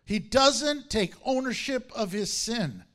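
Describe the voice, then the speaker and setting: A high, lively male voice preaching a sermon in an unhurried way. He acts out the people of the story and laughs often as he goes. His pitch swings widely from line to line. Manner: animated, laughing, acting out the characters.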